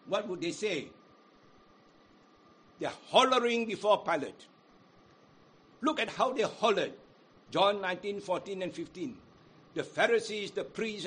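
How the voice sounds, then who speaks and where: Husky, high-voiced slow preacher. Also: male voice, a bit bright. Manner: dramatic quoting of crowds, rising and falling emphasis; sings hymn unaccompanied. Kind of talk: sermon.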